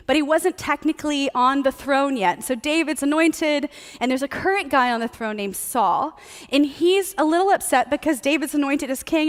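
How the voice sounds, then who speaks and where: A woman preaching a sermon in a casual, playful, conversational teaching manner. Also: high-pitched. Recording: long hall reverb.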